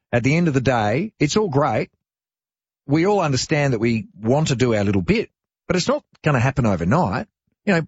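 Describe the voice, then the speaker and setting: Husky Australian man hosting sports radio. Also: mid-range voice, no echo, highs cut off. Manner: opinionated, conversational with fillers. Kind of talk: talkback radio chat.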